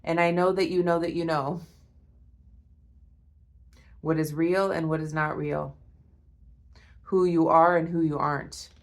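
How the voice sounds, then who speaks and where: A woman giving a spiritual tarot reading to her viewers, awed and emotional, repeating herself and often breaking off with a soft "wow.". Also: low-pitched, fairly even intonation, a little slow, pauses often. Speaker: tarot reader.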